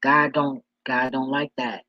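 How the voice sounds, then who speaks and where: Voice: mid-range voice, little pitch movement, measured pace, no room sound, lo-fi sound. A vlogger giving life advice in a casual monologue, blunt and profane, with a preachy street-talk manner.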